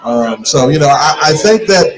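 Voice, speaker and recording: A middle-aged man hosting a casual sports talk show in a bar, animated and opinionated, repeating words when fired up. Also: on the high side, normal speed. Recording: live in a noisy bar crowd. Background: bar crowd chatter.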